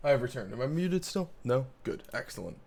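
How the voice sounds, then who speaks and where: A man's voice: medium pitch, big pitch swings, brisk, vocal fry, darkish tone. A man streaming a game, talking casually and thinking aloud, with some swearing. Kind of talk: casual gameplay commentary. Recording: game music behind.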